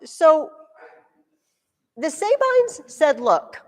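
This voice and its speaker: Woman teacher, history lesson, lively up-and-down voice, joking storyteller, echoey classroom. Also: fairly high pitch, unhurried. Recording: echoey room with long reverb.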